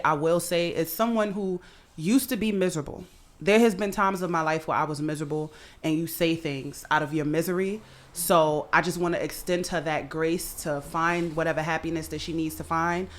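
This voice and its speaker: A woman guest talking casually and earnestly on a podcast, acting out quoted lines as she reflects. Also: fairly low pitch.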